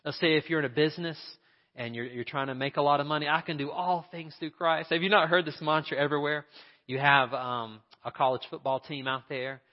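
A man's voice: fairly high pitch, fairly even intonation, a little fast. A man preaching a sermon in an earnest, conversational way, asking his listeners questions as a pastor. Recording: dull sound with long hall reverb.

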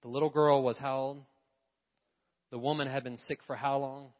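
A man's voice: mid-range voice, level tone, moderate pace. Guy preaching in church, punchy, keeps asking the crowd stuff, lots of echo, kinda muffled audio. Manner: emphatic preaching, asks the congregation questions. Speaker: pastor. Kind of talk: sermon. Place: church sanctuary. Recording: long reverb, dull lo-fi sound.

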